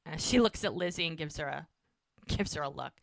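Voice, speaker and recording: A woman's voice: sits low, brisk, gravelly, no echo, studio quality. A woman co-hosting a podcast, recapping a TV episode in casual chat, laughing often and briefly quoting characters. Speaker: podcast co-host.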